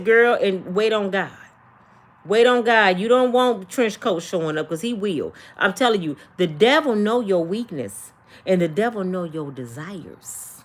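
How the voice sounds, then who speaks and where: An older woman, hosting a casual livestream and talking to her viewers with animated, preachy energy. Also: lowish voice. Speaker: livestream host.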